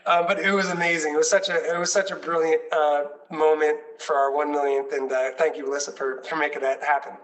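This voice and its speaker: A man's voice: on the high side, flat delivery, brisk, few pauses, fairly bright tone, recorded from a distance, rough recording. A man leading a nonprofit, telling stories with enthusiasm and many fillers in a conversational chat. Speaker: nonprofit leader.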